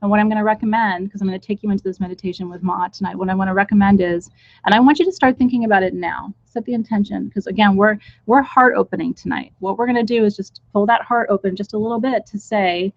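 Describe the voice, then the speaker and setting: A woman's voice: mid-range voice, fast talker, dry recording. Candid woman teacher on a dull, dry stream. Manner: candid, chatty, blunt, with frank asides. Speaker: spiritual teacher leading a live ritual. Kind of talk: casual live-stream talk. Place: indoors with a small group in the room.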